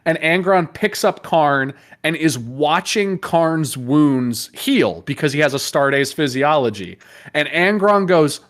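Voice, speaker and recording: A man hosting a casual chat, retelling lore in an animated, profane way and laughing often. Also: on the high side, slow pace. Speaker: host.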